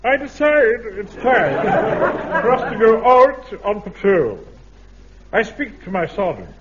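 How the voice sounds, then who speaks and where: Pompous, self-important army captain in an old radio comedy. His voice sits high and swoops in wide arcs as he lays down the law. The old recording sounds muffled, with hiss behind it. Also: big pitch swings, slow, long pauses, a crowd in the background, exaggerated voice. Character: pompous middle-aged male Home Guard captain. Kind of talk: radio sitcom acting.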